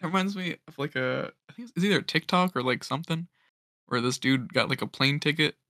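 A young man co-hosting a casual podcast, reacting excitably and laughing a lot. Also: fairly high pitch, fast talker, no room sound, clean studio sound. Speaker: podcast co-host. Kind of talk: casual chat among friends.

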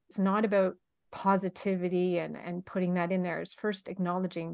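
A middle-aged woman hosting a podcast interview, speaking in a warm, emotionally affirming way. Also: fairly low pitch, little pitch movement, fairly quick, vocal fry, smooth, no room sound, clean studio sound. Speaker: podcast host. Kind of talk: conversational interview.

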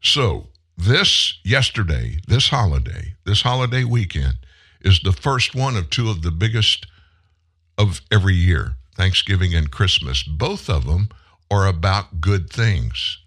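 A man in his seventies hosting a show, telling a personal story in an earnest, heartfelt way and pausing for emphasis. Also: low-pitched, animated, fairly bright tone, slightly rough. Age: 70s. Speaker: show host. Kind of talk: personal monologue on a live commentary show.

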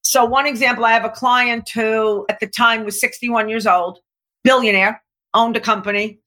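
A woman coach talking in an emphatic, animated way, acting out quotes as she tells stories and slowing down to stress her key points. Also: fairly high pitch. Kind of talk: coaching talk to an interviewer.

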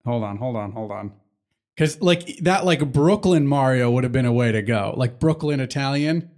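A man's voice: mid-range voice, animated, moderate pace, a little mellow. A man chatting casually on a podcast, rambling and swearing, with frequent filler words. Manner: profane, rambling, breaks into goofy impressions. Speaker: podcast co-host. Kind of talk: casual chat.

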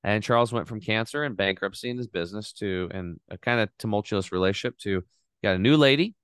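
A middle-aged man telling his story in a casual, animated way as a podcast guest, swearing now and then. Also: on the low side, quick pace, clean tone, dry recording, studio quality.

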